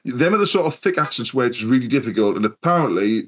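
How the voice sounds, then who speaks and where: A man's voice: medium pitch, animated, fast talker. A man from the UK hosting a casual podcast chat, telling stories in a rambling way and swearing often. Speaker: podcast host.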